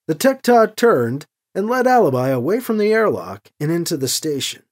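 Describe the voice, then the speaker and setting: Male author-host narrator, lively delivery, raspy gravel. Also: high voice. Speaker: host and writer. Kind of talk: audiobook narration.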